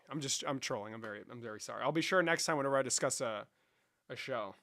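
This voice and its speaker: Brash young man streaming, bright voice. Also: mid-range voice, fast. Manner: profane, rambling, loose and joking. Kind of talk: casual livestream chat, answering chat.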